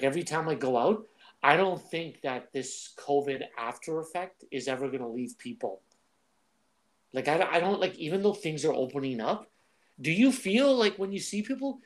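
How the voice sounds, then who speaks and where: A man in casual chat, telling jokey stories in an animated way. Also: a little high.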